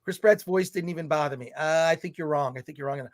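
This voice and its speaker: Ranting livestream co-host, male, high voice, animated delivery. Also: fast talker. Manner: animated, ranting, reads viewer comments aloud. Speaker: podcast co-host reading chat. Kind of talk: livestream film chat, ranting.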